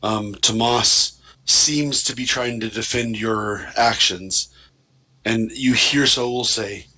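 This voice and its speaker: A man narrating as game master of a tabletop game, relaxed and using filler words. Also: on the low side, slow pace, poor audio.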